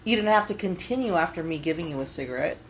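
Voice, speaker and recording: A woman's voice: fairly low pitch, expressive, fast, slight background noise. A woman co-hosting a podcast in casual chat with friends, blunt, swearing freely and laughing often. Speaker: podcast co-host.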